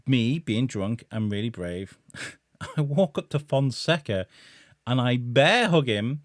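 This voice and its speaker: A man's voice: medium pitch, takes it slowly, dry recording, clean studio sound. A man, a podcast guest, tells a funny personal story with bursts of laughter. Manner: animated, laughing while telling a story.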